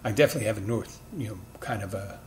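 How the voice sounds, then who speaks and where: A man's voice: fairly low pitch, rapid-fire, slight background noise. A man with a mid-Atlantic accent tinged with Philadelphia, hosting a bartending podcast and telling a rambling, conversational story with self-correcting asides. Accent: mid-Atlantic with a light Philadelphia touch. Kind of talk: casual solo storytelling.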